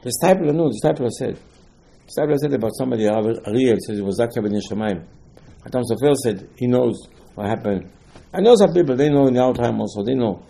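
A man with giving an informal Torah lecture, rising to emphatic questions and dropping low again. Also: quick pace, creaky, warm tone, rough recording. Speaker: rabbi giving a talk.

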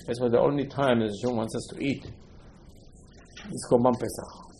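A man's voice: medium pitch, steady tone, normal speed, mellow, a little hiss or hum, low-quality recording. A man giving an informal Torah lesson as a rabbi, speaking non-standard English, repeating himself and firing rhetorical questions.

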